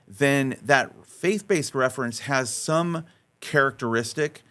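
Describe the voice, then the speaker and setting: This man talks like a storyteller on a podcast. He often restarts and repeats words, and his voice jumps up high when he acts out what other people said. His pitch sits in the middle range for a man. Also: slow, smooth. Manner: animated storyteller, voice rising high when acting out quotes. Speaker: faith-based life coach and podcast guest.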